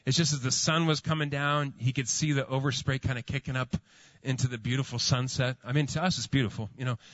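A man's voice: medium pitch, fairly even intonation, quick pace, a bit bright, dry recording, muffled recording. Rambling, storytelling male pastor. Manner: storytelling, many fillers and restarts. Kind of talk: sermon.

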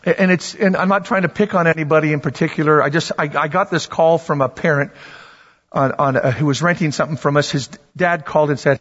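Animated high-voiced male preacher in a reverberant hall. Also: a little fast. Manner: animated, conversational preaching with repetitions and asides to the congregation. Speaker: pastor. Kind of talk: sermon. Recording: dull sound with long hall reverb.

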